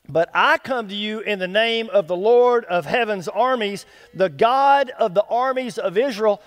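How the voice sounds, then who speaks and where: A man with a fairly high voice preaches from the pulpit of a church sanctuary, and his words ring out with a long hall reverb. He tells the story in a lively, folksy way, jumps into the lines of the characters, and keeps calling out to the congregation. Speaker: associate pastor. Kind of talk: sermon.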